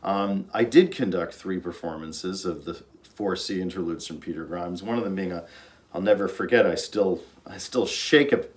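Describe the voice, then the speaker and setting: Man, conductor, fairly low voice, earnest storyteller, informal music talk. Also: moderate pace. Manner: earnest, storytelling, with fillers and restarts. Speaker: orchestra conductor.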